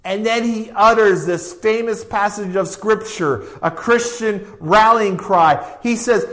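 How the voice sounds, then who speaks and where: A man with a high voice delivers a sermon at an unhurried, deliberate pace. He leans on repetition and emphasis, reading scripture aloud and driving each point home. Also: lively intonation, a bit bright. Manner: emphatic, slow, repetitive preaching cadence. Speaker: pastor.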